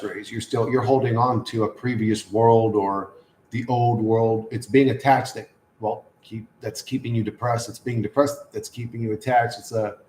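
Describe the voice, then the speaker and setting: A man's voice: medium pitch, darkish tone, roomy sound, slight background noise, rough recording. A man hosting a casual livestream, reading chat and answering in a crude, sardonic, rambling way.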